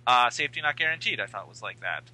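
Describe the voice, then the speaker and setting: A man's voice: medium pitch, lively intonation, fast, pushed and bright, rough recording. A man co-hosting a casual film podcast, chatty and hedging, thinking aloud with many fillers. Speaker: podcast co-host.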